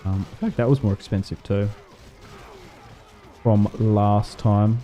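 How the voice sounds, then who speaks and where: A man's voice: lowish voice, steady tone, measured pace, dark tone. A man livestreaming a strategy game, chatting in a rambling way and laughing often. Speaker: gaming livestreamer. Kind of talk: casual chat while streaming a strategy game.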